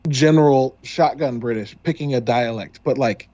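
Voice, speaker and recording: A podcast co-host in casual chat, quick and teasing, who swears freely. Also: mid-range voice, mellow, dull audio.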